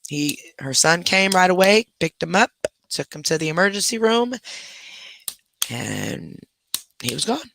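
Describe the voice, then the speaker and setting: A man hosting a casual livestream from his bedroom at home, telling stories in an animated way and scolding his dogs in between. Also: high-pitched, a little slow, gravelly, pauses often, slight background noise. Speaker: livestream host. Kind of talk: casual live chat.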